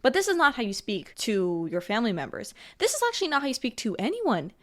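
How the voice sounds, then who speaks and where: Woman host reacting to clips, sarcastic and mocking, bright and lively delivery. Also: on the high side, fast talker. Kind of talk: casual reaction commentary.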